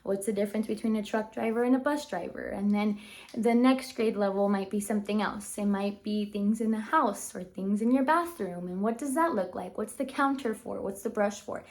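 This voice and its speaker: A woman's voice: medium pitch, moderate pace, darkish tone. A young woman working as a speech therapy assistant, talking casually with lots of fillers and coaching children in an encouraging way. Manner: chatty, fillers like 'like' and 'you know'. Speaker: speech-language pathology assistant. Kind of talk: casual vlog chat.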